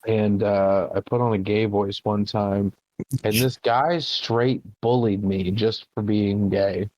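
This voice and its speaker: A man's voice: lowish voice, steady tone, slow pace, a little mellow, dry recording, muffled recording. A man co-hosting a casual comedy podcast, swearing freely and laughing often. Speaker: podcast co-host.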